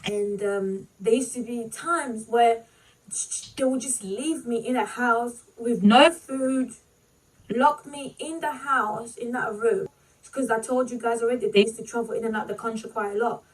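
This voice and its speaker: A woman vlogger telling a painful personal story, halting and full of "like" and "you know", fighting back tears. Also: on the high side, recorded from a distance, low-quality recording.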